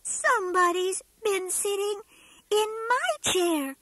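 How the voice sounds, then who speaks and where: A woman doing a tiny, squeaky baby bear. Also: slow pace, fairly bright tone, no echo, full character voice. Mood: whiny.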